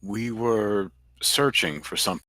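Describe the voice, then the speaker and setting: A man's voice: fairly low pitch, unhurried, sharp tone, dry recording. A man playing in an online tabletop game, speaking hesitantly and politely in character. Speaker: player.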